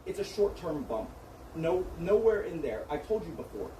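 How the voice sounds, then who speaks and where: Berating and cursing, a streamer's manager lectures his way through a heated argument, sticking to his own point. His slightly high voice is warm, swings widely in pitch and moves at normal speed. The echoey room recording is distant, with faint noise.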